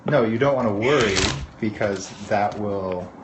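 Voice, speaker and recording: A friendly male co-host who keeps agreeing and chiming in during a loose chat. His voice sits in a roomy, echoey space. Loud noise runs underneath. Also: on the low side, unhurried. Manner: agreeable, chiming in, laughs along. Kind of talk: casual chat.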